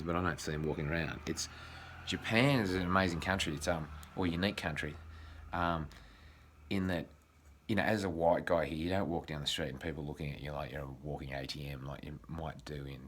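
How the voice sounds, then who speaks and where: Aussie bloke with a real low voice, rambling on camera, lots of swearing and false starts. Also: male voice, fairly bright tone. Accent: Australian. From Australia. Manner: frequent swearing, halting restarts. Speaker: vlogger. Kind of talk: casual rambling monologue.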